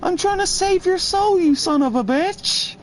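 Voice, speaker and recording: A man's voice: lively intonation, measured pace. A man doing a shrieking unhinged preachy woman. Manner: shrill, screeching, crying out in rage.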